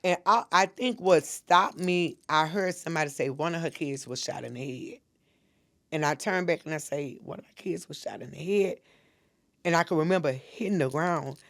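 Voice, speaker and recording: A woman's voice: low-pitched, gravelly. Earnest middle-aged woman storyteller. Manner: earnest, intense, acts out what people said. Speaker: podcast guest, minister. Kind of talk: emotional personal storytelling.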